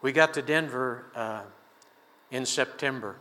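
Bright-toned older man preaching in a hall. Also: medium pitch, measured pace. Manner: conversational, folksy storytelling with chuckles. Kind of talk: sermon with personal story. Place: church sanctuary.

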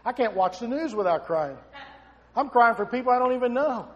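A man's voice: very high voice, animated, brisk, a bit bright, dull audio. A middle-aged male pastor preaching a sermon with passion, asking his listeners question after question. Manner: impassioned preaching with rhetorical questions. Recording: long reverb of a large hall.

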